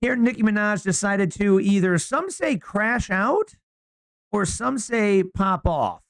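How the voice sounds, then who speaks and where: A man co-hosting a podcast, chatting casually in slangy, animated storytelling. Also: high-pitched, takes it slowly, no room sound. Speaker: podcast co-host.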